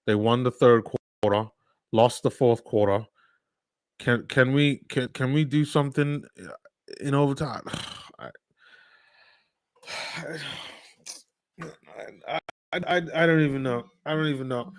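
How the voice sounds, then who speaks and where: Excitable male fan calling a game live. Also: mid-range voice, slow pace, pauses often, no echo. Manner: excitable fan, swings from sighing disbelief to shouting. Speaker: watch-along commentator. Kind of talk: live play-by-play commentary.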